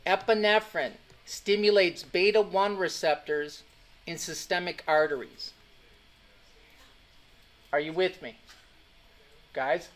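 A man's voice: high-pitched, fairly even intonation, slow, pauses often. A man teaching an anatomy class, emphatic and repetitive, often checking that students are following along. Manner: emphatic, repeats key points, keeps checking students follow. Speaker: anatomy and physiology instructor. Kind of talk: classroom lecture.

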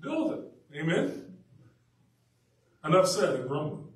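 A man preaching a sermon as pastor, telling the story in a casual, animated way. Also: fairly high pitch, a little slow, long pauses. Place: church sanctuary. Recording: echoey church from a distance.

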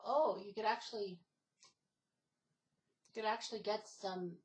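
A woman talks casually on her own gaming channel, wandering from point to point. She often stops on "um" and restarts her sentences. Her voice sits at an ordinary pitch for a woman. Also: fairly even intonation, a little slow, rough recording. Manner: rambling, many fillers and restarts. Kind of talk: casual gaming video talk.

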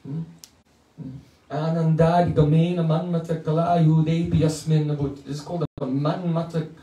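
A man's voice: fairly high pitch, level tone, normal speed, dark tone, lo-fi sound. Male teacher, playful storyteller, chants verses; roomy, off-mic sound. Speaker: spiritual teacher. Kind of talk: devotional lecture with chanting. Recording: echoey room, mic at a distance.

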